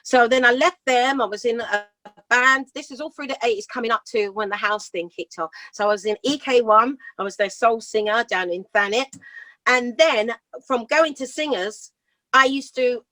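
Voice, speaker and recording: A British woman in her fifties, a singer telling rambling, lively stories in a casual interview and laughing often. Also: fairly high pitch, normal speed, dry recording. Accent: British English. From Britain. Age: 50s. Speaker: singer guest. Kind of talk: casual storytelling chat.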